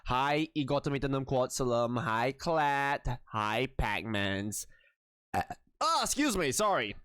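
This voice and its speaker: A tired young man chats loosely with his live stream audience, cursing and giggling at himself. His pitch jumps all over the place as he rambles. The sound is close and dry, with no room echo. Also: sing-song, unhurried, a bit bright, smooth. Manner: swears freely, giggly, self-mocking, rambling. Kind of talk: casual chat with viewers.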